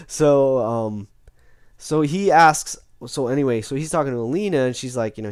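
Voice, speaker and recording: A man's voice: medium pitch, animated, normal speed, no room sound, studio quality. A man recapping a tabletop game session in a rambling way, with lots of restarts and self-corrections.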